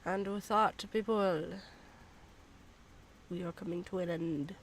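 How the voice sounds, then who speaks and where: Woman streamer, slightly low voice, loose rambling chat, faint hiss behind. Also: slow. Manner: rambling, filler-heavy, self-deprecating. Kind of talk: casual chat while gaming.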